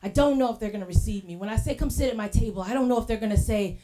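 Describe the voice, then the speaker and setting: A woman preaching a sermon in a church, telling lively casual stories and acting out what people said. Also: on the high side, rapid-fire, slight background noise. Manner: lively storytelling, acting out quoted voices; casual colloquial phrasing.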